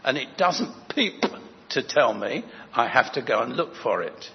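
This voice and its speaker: An older man preaching a sermon as a parish priest, gentle and anecdotal, with rambling restarts. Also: medium pitch, sing-song, a little slow, vocal fry. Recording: echoey hall, dull lo-fi sound, faint noise.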